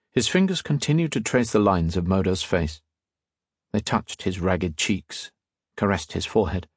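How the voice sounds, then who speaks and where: A man reading a novel aloud in a measured, quiet storytelling manner. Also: sits low, lively intonation, breathy edge, dry recording, studio quality. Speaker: audiobook narrator. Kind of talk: scripted narration.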